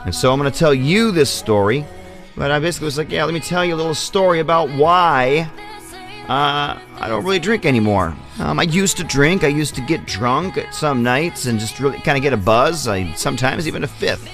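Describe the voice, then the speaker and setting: A man's voice: medium pitch, lively intonation, a little fast, fairly bright tone, faint music behind. A man hosting a vlog, telling a long rambling story in casual, profane speech. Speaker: vlog host.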